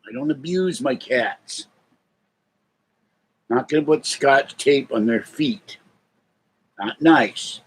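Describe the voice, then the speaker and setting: A man's voice: mid-range voice, slow, pauses often, husky, low-quality recording. An older man chatting casually on a live stream from home, rambling between answers and cooing at his cats.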